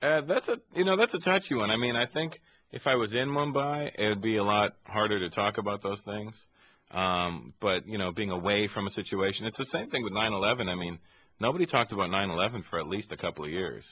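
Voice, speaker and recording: Male comic guest, lively and chatty, low-pitched with a bright edge, studio interview. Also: a little fast, a little hiss or hum. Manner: animated, laughing, mimics accents. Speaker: comedian guest. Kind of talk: casual radio interview. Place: radio studio.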